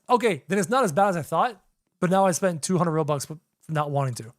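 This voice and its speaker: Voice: medium pitch, animated, fast, no room sound, clean studio sound. A young adult game streamer doing live gameplay commentary, chatty, talking to chat and repeating phrases while figuring things out.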